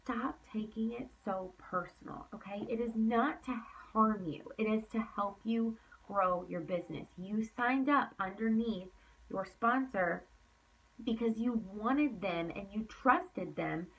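A woman's voice: medium pitch, a little slow, far from the mic, phone-quality sound, a little hiss or hum. Emphatic woman coaching her team. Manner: emphatic, repeats herself for effect. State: tired, yawning late at night. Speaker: team leader. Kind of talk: motivational coaching talk.

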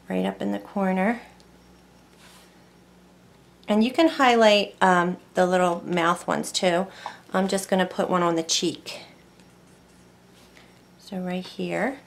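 A woman's voice: fairly low pitch, gravelly, fairly bright tone, slight background noise. A woman teaching decorative painting in a casual tutorial, chatting and thinking aloud as she works at a close mic.

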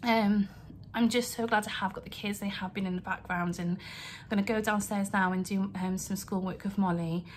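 A young woman talks to her camera from home in an earnest, rambling way, apologising as she goes. Her pitch sits in a middling range. A faint hiss of room noise stays under her voice. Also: steady tone, moderate pace. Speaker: vlogger. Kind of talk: emotional vlog rant to camera. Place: home, indoors.

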